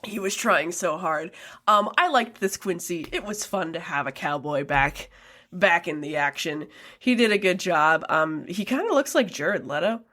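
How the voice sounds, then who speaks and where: A woman's voice: fairly low pitch, expressive, normal speed, sharp tone. A young adult woman co-hosting a casual film review podcast, chatty, laughing often, with many ums and likes. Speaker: podcast co-host.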